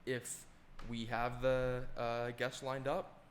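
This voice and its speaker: A young man co-hosting a podcast, chatting in a relaxed, rambling way with plenty of fillers. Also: mid-range voice, slow pace, reverberant, a little hiss or hum. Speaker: podcast co-host. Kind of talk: casual chat.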